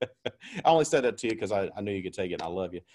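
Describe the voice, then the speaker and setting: Energetic man giving a pep talk. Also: lowish voice, very fast. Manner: energetic, emphatic, repeats key phrases. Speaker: sales team leader. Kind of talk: motivational team talk.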